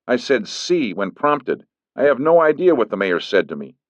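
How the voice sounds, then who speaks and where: Man voicing a firm man, measured, defensive, dry lo-fi sound. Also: mid-range voice, big pitch swings, no room sound, pitched above the performer's own voice, close to an everyday voice. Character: firm middle-aged man, a lawyer. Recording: dull lo-fi recording.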